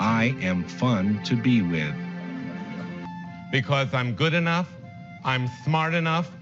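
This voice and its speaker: An actor playing a meek man who slowly and earnestly recites self-affirmations, in a dull lo-fi clip with music behind. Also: lowish voice, close to an everyday voice.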